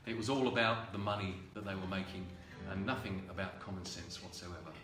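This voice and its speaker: A man, a singer-songwriter, telling a halting, unhurried story full of ums and uhs before a song at a livestreamed home concert. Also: low voice, fairly even intonation, fairly bright tone, roomy sound, far from the mic, faint music behind.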